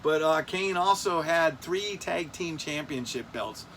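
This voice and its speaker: Fifty-something guy doing a toy countdown, kinda high voice, rambly and jokey. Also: lively intonation, a little slow, a bit bright, slight background noise. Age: 50s. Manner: rambling, self-joking, loses his place. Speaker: toy collector host. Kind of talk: casual countdown vlog. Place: air-conditioned room.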